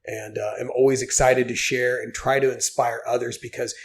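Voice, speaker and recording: Forties man, podcast guest, mid-pitched, heartfelt and earnest, full of you-knows. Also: little pitch movement, moderate pace, a little hiss or hum. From Oklahoma. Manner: earnest, heartfelt storytelling with many fillers. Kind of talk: casual podcast interview.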